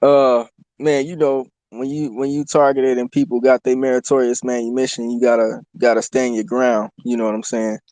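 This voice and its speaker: A man's voice: mid-range voice, level tone, moderate pace, darkish tone, no echo. A male caller on a live talk show, greeting everyone energetically and speaking in street slang.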